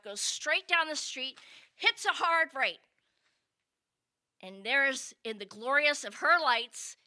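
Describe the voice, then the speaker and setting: A woman's voice: sits high, sharp tone. A woman telling a comedic personal story with wry asides to her listeners.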